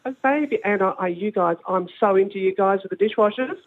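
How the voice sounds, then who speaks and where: Older woman caller on a raspy phone line. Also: medium pitch, fast talker. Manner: gossipy, exasperated.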